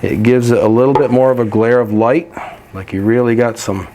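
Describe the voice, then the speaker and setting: A man gives a step-by-step painting demonstration, talking through each stroke in a relaxed, practical way. His voice sits at an ordinary pitch. A faint noise hangs behind him. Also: fairly quick. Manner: relaxed, practical, explains while working. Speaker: painting instructor.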